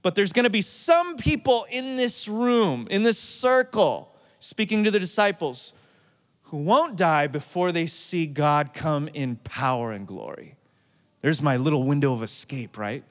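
A man's voice: fairly high pitch, expressive, unhurried, long reverb tail. A man, a pastor, giving a casual, joking sermon that retells scripture in everyday slang.

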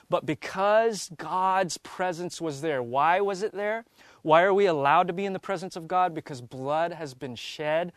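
A man's voice: on the high side, a bit bright, dry recording, clean studio sound. A man teaching the Bible, reading verses aloud and then stopping to explain them.

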